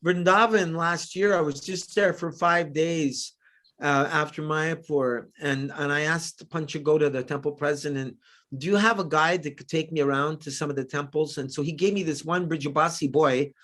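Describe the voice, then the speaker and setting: A man's voice: on the high side, normal speed. A man leading an online study group, reading passages aloud and telling stories with frequent laughter over a video call. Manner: laughs often, lively storytelling. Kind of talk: reading aloud and casual chat.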